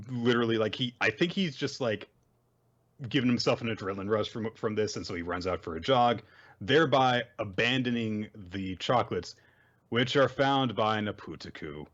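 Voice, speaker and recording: A man's voice: lowish voice, fairly bright tone, highs cut off. A man hosting a podcast, giving a chatty, casual manga recap and acting out quotes as he goes. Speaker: podcast host.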